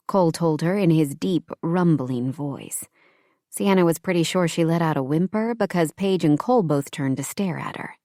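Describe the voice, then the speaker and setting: A woman reading an audiobook romance in calm, even scripted narration. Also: low voice, moderate pace, no echo, studio quality.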